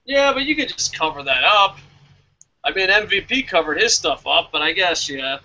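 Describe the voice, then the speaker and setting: Podcast co-host, man, high and lively, very bright sharp tone, lo-fi sound. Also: moderate pace. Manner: animated storyteller, acts out quotes, profane. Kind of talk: casual wrestling podcast chat.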